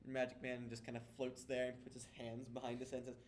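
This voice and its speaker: A man's voice: mid-range voice, fast talker. A young man narrating as game master of a tabletop game, talking casually and laughing often. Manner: casual, laughs often, lively voices for characters.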